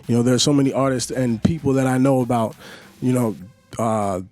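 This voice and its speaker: A young man chats as a radio interview guest. His voice sits mid-pitched and easygoing, and he rambles loosely, filling gaps with "you know". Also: fairly even intonation, a little fast, a little mellow. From Yonkers, New York. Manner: laid-back, rambling, peppered with "you know". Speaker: singer and Vine creator, guest. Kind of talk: casual interview talk.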